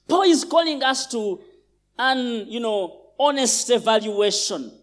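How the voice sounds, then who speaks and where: A man's voice: very high voice, animated, slow, a bit bright. A male pastor from Uganda preaching a sermon in a large church, emphatic and repeating phrases for stress.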